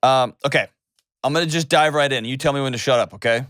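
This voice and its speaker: A man's voice: mid-range voice, fast talker, fairly bright tone, no room sound, clean studio sound. Direct, reassuring male advice host. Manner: direct, reassuring, interrupts to steer. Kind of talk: call-in advice show.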